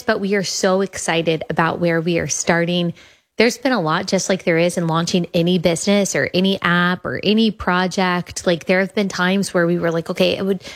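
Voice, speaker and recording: A young adult woman hosting a show, talking in an earnest, enthusiastic monologue and often repeating her phrases. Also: on the low side. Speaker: podcast host launching an app. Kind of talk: casual monologue.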